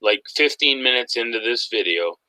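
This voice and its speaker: A man hosting a casual online talk show, animated and mocking, laughing often as he goes. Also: medium pitch, normal speed, no echo, poor audio. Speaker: podcast host. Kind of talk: casual conspiracy talk chat.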